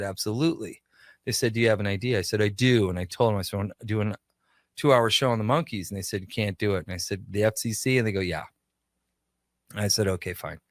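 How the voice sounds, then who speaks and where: A man's voice: on the low side, a bit bright, no room sound. A man from Minnesota, a radio show creator and guest, telling anecdotes casually in a studio and acting out the dialogue. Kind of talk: casual storytelling.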